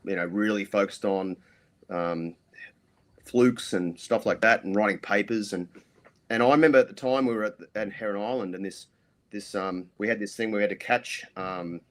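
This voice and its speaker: A man's voice: fairly low pitch, moderate pace. A middle-aged Australian man, a podcast guest, telling rambling stories full of ums and restarts. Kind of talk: casual interview storytelling.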